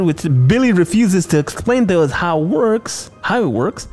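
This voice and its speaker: Animated man recapping a movie. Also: high voice, normal speed, few pauses, faint music behind. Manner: excited, rambling, sarcastic. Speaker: podcast host.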